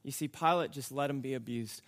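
A man preaching a sermon, reading scripture and explaining it in a slow, dramatic way that builds to emphatic outbursts. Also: medium pitch. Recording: long hall reverb.

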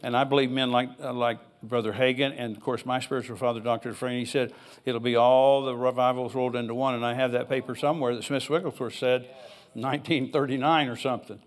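A man's voice: mid-range voice, fairly even intonation, fast, few pauses. Older guy pastor giving a sermon in church, chatty, reads bible verses then goes off on tangents. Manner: conversational preaching, reads scripture aloud, rambles with asides.

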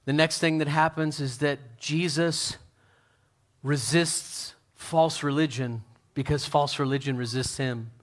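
A pastor preaching a sermon, talking straight to his congregation, swinging from loud fervent peaks to soft hushed lines. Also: a little high, fairly even intonation, unhurried. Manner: talks straight to the congregation with questions.

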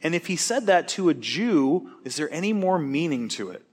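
A man's voice: fairly high pitch, slightly rough. A man teaching a Bible study class, asking the class questions and cracking jokes between points. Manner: animated, joking, quick asides, questions to the class.

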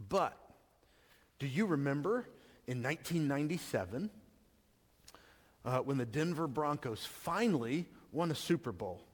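A fairly high-voiced man preaches to a congregation. He talks in an easy, conversational way, restarting phrases and asking rhetorical questions. His voice rings out in a church hall with a long echo. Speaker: pastor. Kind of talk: sermon.

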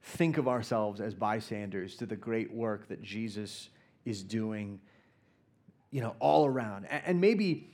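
A man giving a sermon as a guest preacher, earnest and storytelling, who drops into soft prayer at times. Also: on the high side. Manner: earnest, storytelling, pauses and prays softly.

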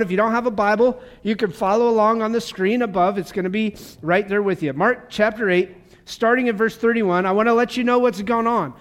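A man with a high-pitched voice preaches to his congregation. He is fervent and passionate yet conversational, dropping casual asides between points. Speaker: pastor. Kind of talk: sermon. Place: church service.

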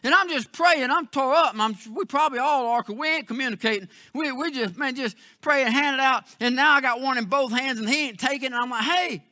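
A man preaching a sermon as pastor, telling a story with emphatic, then hushed, emotional delivery. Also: extremely high pitch, quick pace, few pauses, no room sound, studio quality.

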